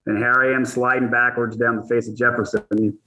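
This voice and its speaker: A man speaking as an interview guest, telling lively anecdotes in a casual way. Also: medium pitch, low-quality recording. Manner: animated anecdote teller, quick bursts. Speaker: guest, athlete and ambassador manager.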